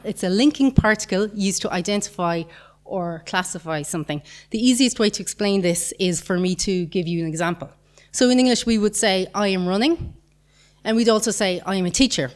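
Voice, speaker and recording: A woman giving a conference talk, patiently explaining grammar with examples and the odd light chuckle. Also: mid-range voice. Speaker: conference speaker.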